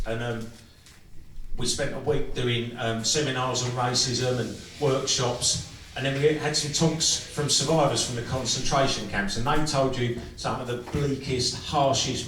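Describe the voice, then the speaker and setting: A man doing crude, unhurried stand-up storytelling on stage at a live music club, swearing freely. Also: mid-range voice, a bit bright, a little hiss or hum. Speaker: comedian and singer. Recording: echoey club room from far off with music.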